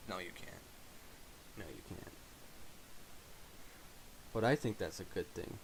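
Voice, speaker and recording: Young man chatting casually, lowish voice. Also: a little slow, poor audio. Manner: joking, laughs often, reads news headlines aloud. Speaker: podcast host. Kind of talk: casual chat. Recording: faint hiss.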